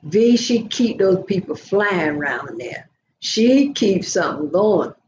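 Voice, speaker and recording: A woman's voice: mid-range voice, lively intonation, slow pace, darkish tone, roomy sound, slight background noise, poor audio. An older woman telling stories to viewers in a chatty live video, laughing often. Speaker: vlogger. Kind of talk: casual live chat.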